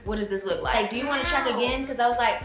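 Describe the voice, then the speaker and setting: A woman in her twenties from Florida, telling a personal story to viewers in an animated, chatty way. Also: on the high side, very fast. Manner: animated, addresses viewers as y'all. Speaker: vlogger. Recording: roomy echo with faint music.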